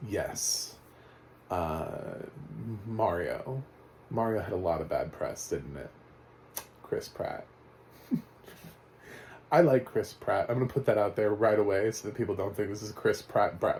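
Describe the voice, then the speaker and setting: A man giving a casual, rambling spoken movie review, chatty and quick to laugh. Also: on the low side, a little mellow, slight background noise.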